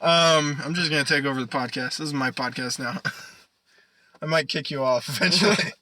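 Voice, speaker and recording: A man's voice: a little high, normal speed, sharp tone, dry recording, poor audio. A young man co-hosting a casual podcast, rambling and swearing, laughing often. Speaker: podcast co-host. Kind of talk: casual chat.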